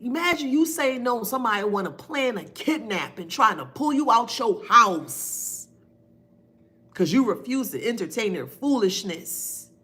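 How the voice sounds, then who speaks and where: A woman talks slowly to her live-stream viewers. Her voice sits high, and she repeats phrases for emphasis. She breaks off to thank viewers by name. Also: very animated, pushed and bright. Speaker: spiritual reader on a live stream. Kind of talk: casual live-stream reading.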